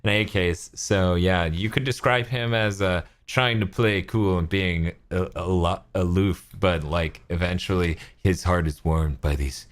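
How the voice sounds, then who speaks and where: A man's voice: low voice, a little slow, few pauses. A man co-hosting a casual podcast, joking and laughing often and swearing freely. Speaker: podcast co-host.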